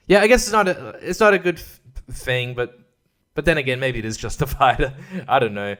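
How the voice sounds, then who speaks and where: A man's voice: mid-range voice, lively intonation, a little fast, fairly bright tone. A man hosting a podcast, ranting in a rambling, crude, comedic way and laughing at his own jokes. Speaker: podcast host. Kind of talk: casual comedic rant.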